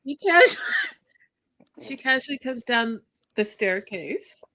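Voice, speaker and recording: A woman co-hosting a casual show recap, telling the story in an animated way and laughing often. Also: fairly high pitch, slow pace. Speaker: co-host.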